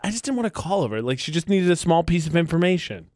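Male radio co-host, fairly high and very lively voice, playful teasing banter, dry studio mic. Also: fast talker, no room sound. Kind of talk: casual morning radio banter.

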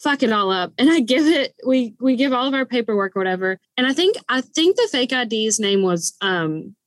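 A woman co-hosting a podcast, telling a story in a casual, animated way and laughing often. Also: a little high, a little fast, dry recording. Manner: animated, laughing storyteller who acts out quoted voices. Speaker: podcast co-host.

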